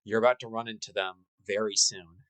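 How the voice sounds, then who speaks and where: A man running a tabletop role-playing game, narrating in a casual, halting way. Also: lowish voice, steady tone, no room sound, low-quality recording. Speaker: game master.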